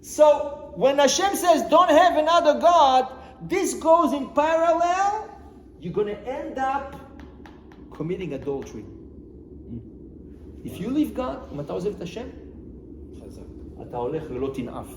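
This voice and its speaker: A man, a rabbi, teaching a lively Torah lesson, putting questions to his listeners and mixing in Hebrew phrases. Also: very high-pitched, brisk, pauses often. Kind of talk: animated Torah lesson to a small group. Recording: echoey room with long reverb, faint noise.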